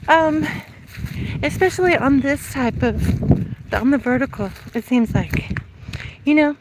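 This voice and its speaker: A woman's voice: high-pitched, animated, a little slow, background noise. A middle-aged woman chatting casually on a live stream while walking outdoors, a little out of breath, laughing often and thanking viewers by name. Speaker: livestreamer reading chat.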